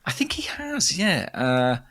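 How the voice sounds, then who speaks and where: A man's voice: on the high side, very animated, unhurried, fairly bright tone. A man in his thirties, from England, co-hosting a casual chat with emphatic, thinking-aloud talk. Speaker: podcast co-host.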